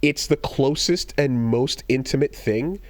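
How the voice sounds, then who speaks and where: Podcast co-host, male, lively storyteller who acts out the lines, dry close-mic sound. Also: medium pitch, measured pace, no echo. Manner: animated storytelling, acts out quoted lines in raised voices. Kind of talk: casual chat.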